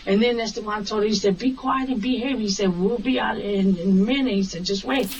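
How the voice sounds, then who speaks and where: A woman's voice: mid-range voice, fast talker. A woman taxi driver recounting an incident in an interview, acting out the dialogue as she goes. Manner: animated storyteller acting out quoted dialogue. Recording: distant, muffled recording with faint hiss.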